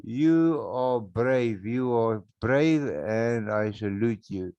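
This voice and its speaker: A South African man hosting a solo podcast, rambling and mocking, with sudden loud outbursts and laughs, on a backup microphone. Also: medium pitch, expressive, drawn-out words, clear, resonant tone, no room sound, muffled recording. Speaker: podcast host.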